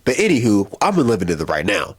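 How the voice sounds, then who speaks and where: Animated young man telling a story. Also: lowish voice, fast talker, slightly rough. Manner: slangy, animated, laughs while telling stories. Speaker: vlogger. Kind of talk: casual storytelling.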